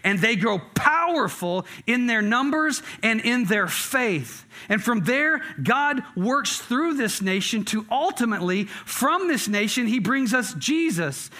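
High, bright-voiced preaching man. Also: big pitch swings, unhurried, hardly any pauses. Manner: conversational storytelling with earnest emphasis. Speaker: pastor. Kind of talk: sermon.

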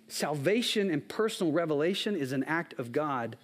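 A man's voice: a little high, expressive, a little fast, hardly any pauses. A man preaching a sermon, earnest and emphatic, building points through repeated phrases. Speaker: pastor.

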